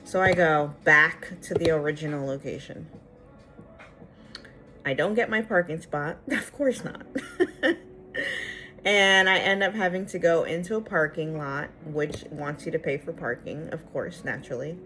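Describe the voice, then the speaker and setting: Young woman vlogger, lower voice, animated storyteller, exasperated tone, faint music behind. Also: unhurried. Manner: animated, acts out the dialogue. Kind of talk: casual storytelling to camera.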